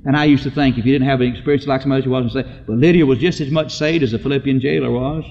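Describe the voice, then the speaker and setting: A man's voice: mid-range voice, steady tone, racing, darkish tone. A man preaching a sermon, telling stories in a folksy way and acting out the voices of the people in them. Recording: dull lo-fi recording in a reverberant hall.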